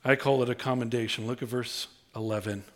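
A man preaching a sermon, swinging from low, intimate tones to high, excited outbursts. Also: fairly quick. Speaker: pastor.

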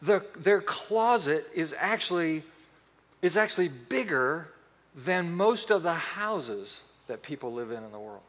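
High, bright-voiced male pastor in a hall. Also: measured pace. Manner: animated storytelling with acted quotes. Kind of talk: sermon.

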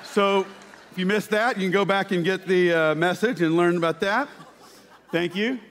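A man preaching a sermon, telling stories with lively shouted quotes. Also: high voice, moderate pace, noisy background. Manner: animated storytelling with shouted quotes. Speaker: pastor. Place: church sanctuary. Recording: church hall reverb.

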